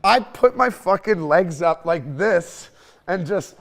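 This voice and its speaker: A young man with a slightly high voice tells a story in casual conversation. He is animated and laughs often, and the swearing flows freely through his talk. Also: takes it slowly, gravelly. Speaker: podcast host.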